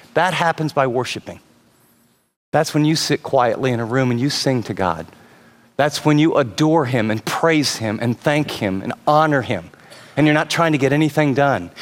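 A man preaching a sermon with earnest conviction, building from calm teaching to raised, emphatic passages. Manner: earnest preaching, rising to high emphatic pitch at climaxes. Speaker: pastor. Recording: long reverb of a large hall.

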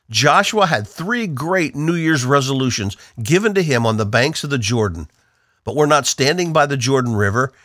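A man's voice: medium pitch, fairly bright tone, no room sound, studio quality. A man from the northeastern United States giving an earnest, emphatic devotional Bible teaching on the radio.

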